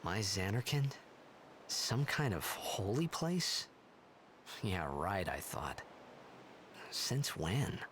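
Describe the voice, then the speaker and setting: An actor playing a confused young male athlete hero in a video game, halting and whiny as he tries to make sense of things. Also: on the low side, sing-song, a bit bright, slight background noise, heavily acted. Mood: bewildered. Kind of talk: video game character dialogue.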